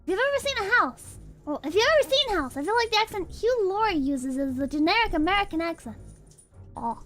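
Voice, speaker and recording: Woman streamer, casual chat, very high squeaky voice, bouncy pitch, giggly. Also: big pitch swings, brisk, fairly bright tone, soft background music. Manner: giggly, banters with chat, breaks into shrieking laughter.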